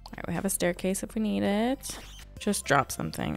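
A young woman hosting a casual let's-play, muttering in exasperation and then bursting into relieved excitement. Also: medium pitch, brisk, creaky, faint music behind. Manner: animated, exasperated muttering with sudden joyful outbursts. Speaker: gaming channel host.

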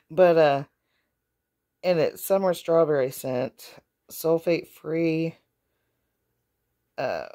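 Brief: woman vlogger, unhurried, meandering talk, lots of "um" and restarts, phone-recorded at home. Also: low voice, dark tone. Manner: rambling, hesitant, many fillers and restarts. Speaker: vlogger caring for her dogs. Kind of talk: casual home vlog chat. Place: inside her home. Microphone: phone camera.

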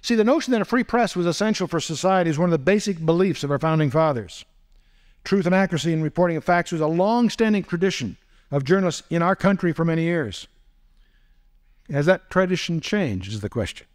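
A man teaching a Bible lecture in a somewhat high voice. He poses pointed rhetorical questions and slips in wry asides as he builds his case. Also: animated, a little fast. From United States.

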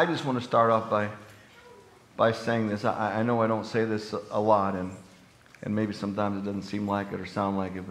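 A man preaching a sermon as pastor, earnest and conversational, rising into animated emphasis on his main points. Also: lowish voice, slight background noise. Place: church sanctuary. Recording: echoey church room.

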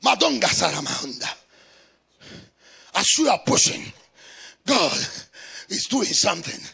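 A man from Africa preaching a sermon as a pastor, shouting in a sing-song chant with bursts of speaking in tongues. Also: sits high, very animated, measured pace, creaky, slightly rough. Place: church.

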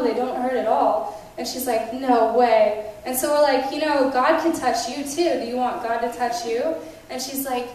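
A woman with a high voice tells testimonies at a conference in animated style. She acts out quoted dialogue and laughs between lines. She is heard from a distance in a very echoey hall. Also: a little hiss or hum. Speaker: conference speaker sharing testimonies. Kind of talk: testimony storytelling.

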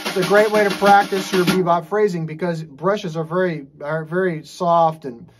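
A man teaching jazz drums in a relaxed, casual way, scat-singing rhythms and checking in with frequent "okay"s. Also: high-pitched, normal speed, loud music behind the voice. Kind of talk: casual instructional talk. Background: drum playing.

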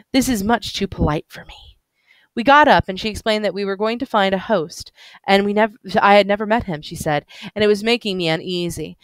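A woman's voice: lowish voice, clear, resonant tone, no room sound. A woman teacher reading a novel aloud to her class and explaining it, often stumbling over words and apologizing.

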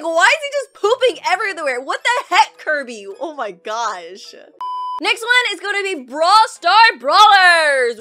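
Very high, bright-voiced excitable woman. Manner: animated, laughing often, exclaiming at the screen. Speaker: YouTuber reacting to animations. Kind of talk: excitable reaction commentary.

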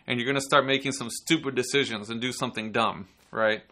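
A man hosting a podcast and giving casual self-defense instruction, relaxed and chatty, sometimes acting out angry people. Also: mid-range voice, brisk, few pauses. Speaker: podcast host and martial arts instructor.

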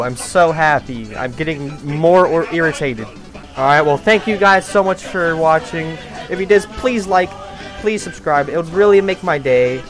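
A young man doing rage gameplay commentary, cursing, pleading with and shouting at the game, from low mutters to loud yells. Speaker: gaming YouTuber. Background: game music.

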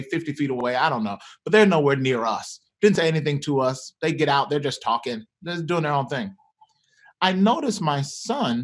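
A middle-aged man, a pastor, telling a personal story in an earnest, animated way. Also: fairly high pitch. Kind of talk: conversational storytelling.

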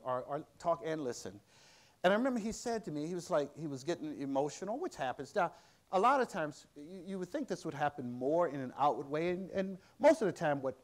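Brief middle-aged man lecturing, lively pitch that rises and drops to quiet asides, loose and halting storytelling. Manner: conversational, halting with frequent restarts and fillers. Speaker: museum director giving a public lecture.

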